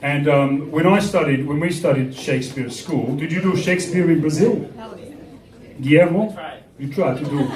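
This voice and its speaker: Male comic and MC, fairly high voice, playing to a big roaring crowd. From Australia. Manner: slips into quick comic accents and character voices. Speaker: comedian and MC. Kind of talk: stand-up comedy routine. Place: large event venue with a laughing crowd. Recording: echoey venue recorded from far off.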